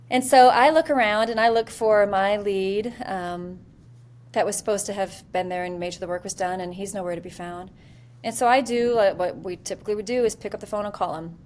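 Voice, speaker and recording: A woman in her forties, an interview guest who is a military leader, telling a candid story in a lively, self-deprecating way with many fillers. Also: mid-range voice.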